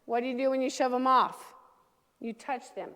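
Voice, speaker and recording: High-voiced woman coaching a dog class. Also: steady tone, moderate pace, a bit bright, in a large hall. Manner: coaching, checks in with frequent "okay?". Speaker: dog trainer. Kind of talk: teaching a dog training class.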